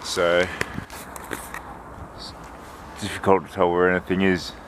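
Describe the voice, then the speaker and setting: A man chatting casually as he walks, filming a travel vlog outdoors on a camera he carries, in a relaxed, thinking-aloud manner. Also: low voice, slow. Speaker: travel vlogger and marathon runner. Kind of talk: casual walking vlog narration. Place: outdoors on a windy lakeside and hillside town. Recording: outdoor recording with wind and traffic noise.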